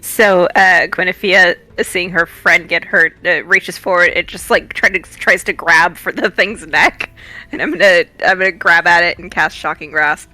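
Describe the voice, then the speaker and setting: A woman playing a tabletop game, describing her character's move loudly and eagerly. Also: lowish voice, normal speed, dry recording, soft background music. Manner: loud, excited. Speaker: player.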